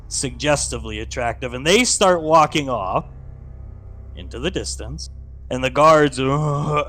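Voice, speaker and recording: A man narrating as game master, telling the scene with lively sound effects. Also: fairly high pitch.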